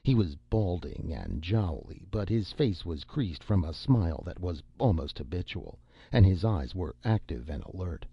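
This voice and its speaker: A man narrating an audiobook in a measured, steady reading style. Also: low voice, breathy edge, no echo. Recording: dull lo-fi recording.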